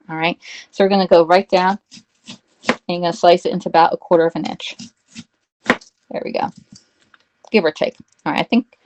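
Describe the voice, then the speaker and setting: A woman hosting a live cooking stream from her home kitchen, talking casually, greeting viewers by name and checking in with "all right?". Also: fairly low pitch. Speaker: livestream cooking host.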